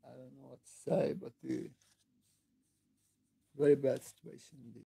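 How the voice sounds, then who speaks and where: A woman hosting her own channel, delivering an impassioned, upset political rant that breaks into shouting and halting restarts. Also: extremely low pitch, fairly even intonation, creaky, breathy edge, dry recording. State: upset, near tears. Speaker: online channel host. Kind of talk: angry political rant to camera.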